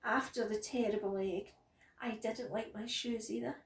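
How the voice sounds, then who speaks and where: A woman who works at a nursery, reading a picture book aloud to young children in a gentle, expressive way. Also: fairly high pitch, moderate pace, echoey room, far from the mic, poor audio. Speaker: nursery practitioner.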